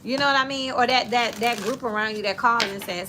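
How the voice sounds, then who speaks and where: A woman's voice: on the high side, fairly quick, noisy background. A woman giving a casual tarot reading, talking in a chatty, direct, coaching way. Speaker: tarot reader.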